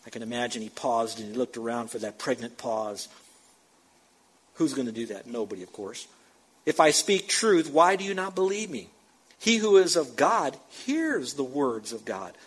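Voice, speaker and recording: A man's voice: medium pitch, expressive, normal speed, a bit bright, slightly rough, rough recording. A man preaching a sermon as pastor, talking straight to his congregation and repeating words for emphasis. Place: church sanctuary with a screen.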